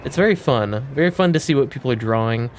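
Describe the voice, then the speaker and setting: A young man streaming a game, talking casually and excitedly, swearing freely. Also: medium pitch, fast, slight background noise. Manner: baby-talk to his cat. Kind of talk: casual live-stream commentary.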